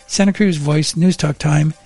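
A man on morning radio reading the traffic and weather report in a plain, measured way from a studio. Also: on the high side, steady tone, vocal fry, darkish tone, faint music behind.

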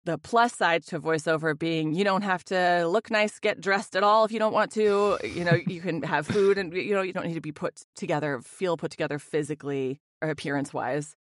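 A woman's voice: on the low side, fairly quick, few pauses, no room sound. Chatty woman voice actor, bubbly, home studio condenser mic, super dry sound. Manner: bubbly, chatty with frequent fillers. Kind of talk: casual interview chat.

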